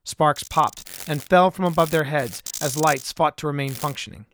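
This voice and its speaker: A man narrating his own adventure story in an even, measured way, recorded close to a studio mic. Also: fairly high pitch, a little hiss or hum. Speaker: author and narrator. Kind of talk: scripted audiobook narration.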